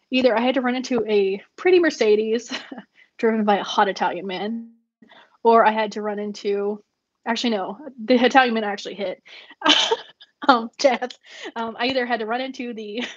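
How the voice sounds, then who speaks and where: A woman with a voice that's a little high chats casually as a vlogger, journaling and telling meandering stories with lots of laughter between fillers. The recording has no echo and sounds dull, dry and lo-fi.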